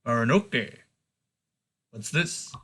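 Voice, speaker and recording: Brief: man voicing a creaky, nosy burly bark creature, grabby and childlike, mid-pitched, tabletop game. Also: very animated, slow, bright, forceful tone, heavily acted. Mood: curious.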